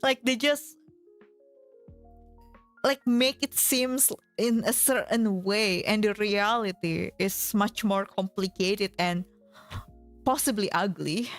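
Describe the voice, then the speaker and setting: A woman's voice: mid-range voice, takes it slowly, long pauses, soft background music. A woman streamer in casual chat, giggling often and filling her talk with fillers.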